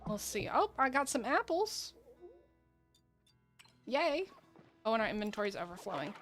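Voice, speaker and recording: A woman's voice: on the high side, very animated, moderate pace, long pauses, a bit bright, faint music behind. A woman chatting casually through a game stream, rambling, laughing often and talking to her viewers. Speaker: gaming streamer. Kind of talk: casual gameplay commentary.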